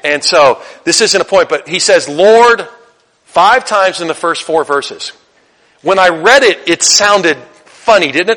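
A man preaching a sermon as pastor, chatty and conversational, then building to loud, emphatic repetition. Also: fairly high pitch, expressive, moderate pace.

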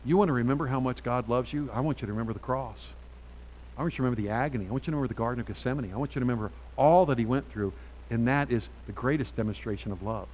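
Halting middle-pitched male preacher. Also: a little mellow, a little hiss or hum, poor audio. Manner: halting, many restarts, rhetorical "right?". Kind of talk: sermon, Bible exposition.

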